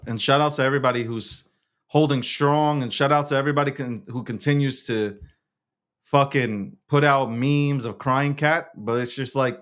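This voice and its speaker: Hosting his own show, a man with a medium-pitched, slightly bright voice delivers a casual, slangy monologue full of stammered restarts.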